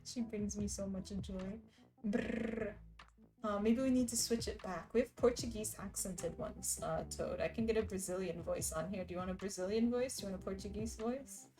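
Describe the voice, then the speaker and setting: A woman's voice: mid-range voice, normal speed, mellow, low-quality recording. A woman live streamer in casual, rambling chat who laughs often.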